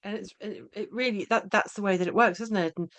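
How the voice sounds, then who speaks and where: Woman, podcast host, casual chat, halting, lots of restarts, tag questions. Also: mid-range voice, a bit bright. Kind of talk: casual conversational interview.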